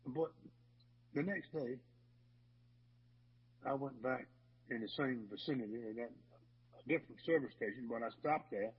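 A pastor preaching a sermon, telling folksy stories in a rambling way with many restarts. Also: male voice, mid-range voice, slightly rough. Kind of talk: sermon with storytelling. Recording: dull lo-fi recording in a hall.

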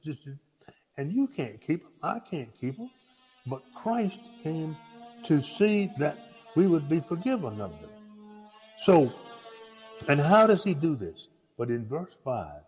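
A man preaching in a plain, folksy manner, stumbling over and repeating words as he goes. His voice is husky. It rings through a large reverberant hall, with faint music under it. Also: mid-range voice, a little mellow. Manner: folksy, halting with repeated restarts. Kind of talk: sermon.

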